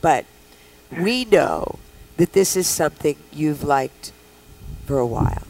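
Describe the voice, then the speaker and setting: A woman's voice: low voice, sing-song, slow pace, darkish tone, low-quality recording. A woman hosting a talk show, talking in a playful, bawdy, teasing way with callers. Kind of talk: casual radio show chat.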